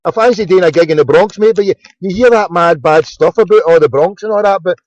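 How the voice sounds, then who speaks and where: A man's voice: high voice, fast talker, darkish tone, dry recording, muffled recording. A Scottish man hosting a late-night phone-in, rambling in casual chat with lots of stammered restarts. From Scotland. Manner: rambling, stammering restarts, says mate a lot. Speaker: host of a phone-in.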